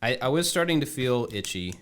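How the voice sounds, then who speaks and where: A man co-hosting a podcast, talking in a relaxed, casual, halting way. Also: mid-range voice, clear, resonant tone. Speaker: podcast co-host. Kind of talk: casual chat.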